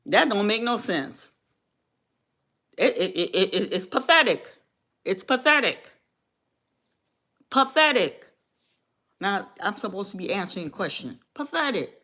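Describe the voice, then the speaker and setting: A woman hosts her own livestream in an expressive, fairly bright, medium-pitched voice at a moderate pace. Her heated rant is fiery and repetitive, full of exclamations and remarks to her chat.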